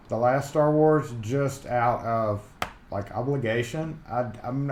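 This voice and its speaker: A man's voice: mid-range voice, slight background noise. A Southern man hosts a laid-back live-stream chat, rambling from one thought to the next and greeting viewers by name. His mid-range voice rings a little in a roomy space. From Mississippi, USA. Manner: chatty, rambling, reads chat comments aloud. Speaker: livestream host. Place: home workshop. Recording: roomy echo.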